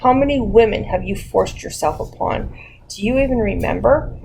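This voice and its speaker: A woman's voice: mid-range voice, lively intonation, moderate pace, creaky, background noise. A woman voicing an older male doctor, wounded and furious, speaking in a bitter, accusing way. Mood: angry.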